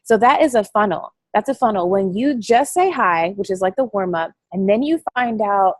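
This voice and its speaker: A woman giving a chatty, excitable motivational talk to her coaching team over a call, rambling and quick to laugh. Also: medium pitch, no echo. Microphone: phone or call line.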